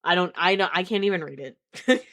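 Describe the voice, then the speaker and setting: A woman's voice: lowish voice, moderate pace, a bit bright. A woman streamer reading a book aloud on a live stream, often stopping to laugh, react and reread lines.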